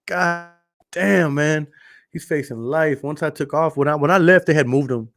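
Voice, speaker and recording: A man's voice: fairly high pitch, moderate pace, fairly bright tone, dry recording, studio quality. A man with a Texan accent hosting his podcast in a casual monologue, swearing freely and repeating phrases for emphasis as he tells stories. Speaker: podcast host.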